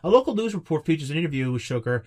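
A man's voice: fairly high pitch, big pitch swings, racing, a little mellow. A man hosting an online paranormal news roundup, joking and talking to his viewers. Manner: joking, playful asides to viewers. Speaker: host of a paranormal news show.

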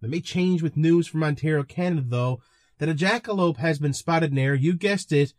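A man's voice: on the high side, moderate pace, no room sound. Chatty man hosting, dry close sound. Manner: chatty, amused asides. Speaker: podcast host. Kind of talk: casual commentary and reading.

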